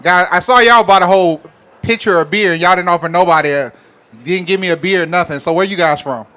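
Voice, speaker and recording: A man works a live crowd as host. His voice sits a bit on the high side, and he talks in a loose, teasing, conversational way, joking with the people in front of him. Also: fairly quick, pushed and bright, clean tone. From Alabama. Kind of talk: live show hosting, bantering with the audience. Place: live event venue with an audience.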